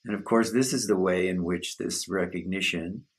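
A man leads a satsang, his words unhurried and contemplative as he guides listeners through self-inquiry. His voice sits very low and carries a husky grain. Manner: slow, measured, contemplative. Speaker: spiritual teacher.

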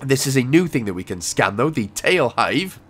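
A man's voice: mid-range voice, very animated, normal speed, fairly bright tone, husky. A young Welsh man giving casual, rambling gameplay walkthrough commentary with jokey asides. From Wales.

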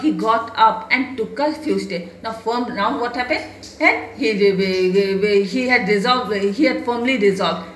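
A woman's voice: medium pitch, a bit bright, slight background noise. A woman teacher reads a story aloud and explains each line to her class, asking and answering her own questions with hesitant restarts. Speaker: English teacher. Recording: echoey room.

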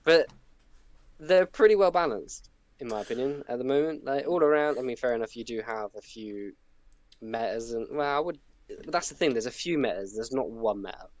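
A man's voice: medium pitch, lively intonation, brisk. A man with an English accent from Peterborough, chatting casually as a podcast guest and laughing often. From England.

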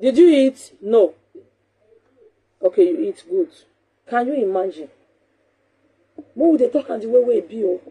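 A Nigerian woman hosting a talk show, her voice deeply husky and mellow. She talks casually and animatedly, scolding and hammering her points home by repeating them. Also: a little slow, pauses often.

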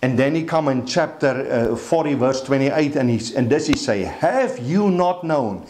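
A man's voice: mid-range voice, normal speed, darkish tone, echoey room. A pastor giving a sermon, reading scripture aloud and explaining it, often restarting his words. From Africa. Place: church hall.

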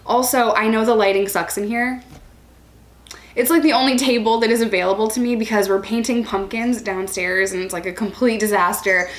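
A woman's voice: on the high side, fairly even intonation, fairly quick, echoey room. A young woman chatting casually and self-mockingly at a table at home while eating for her vlog. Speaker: vlogger.

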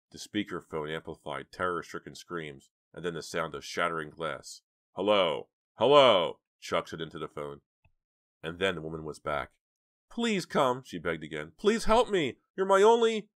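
A man narrating an audiobook in measured, scripted storytelling. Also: a bass voice, pushed and bright, dry recording, studio quality.

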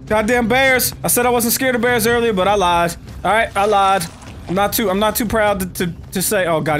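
A man with a Southern US accent giving profane, excitable let's-play commentary, yelping and shouting when startled. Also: high-pitched, normal speed, a little hiss or hum. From United States. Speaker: gaming YouTuber.

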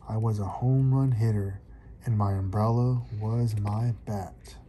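A man voicing a calm, kindly male elephant who answers politely and patiently in a read-aloud storybook. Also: on the low side, unhurried, slight background noise, natural voice. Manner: patient, polite, gently firm.

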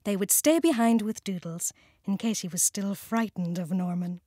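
A British woman narrating a children's storybook, warm and clearly enunciated. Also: medium pitch, dry recording, clean studio sound. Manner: warm, slow, clearly enunciated, sing-song. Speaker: audiobook narrator.

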